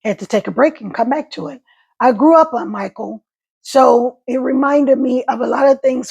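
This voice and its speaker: A middle-aged woman talking casually to camera about life after a stroke, in halting speech that repeats words, her voice catching and crackling. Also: sits high, vocal fry, a little mellow, husky. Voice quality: voice catches and crackles when emotional. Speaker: stroke survivor vlogger.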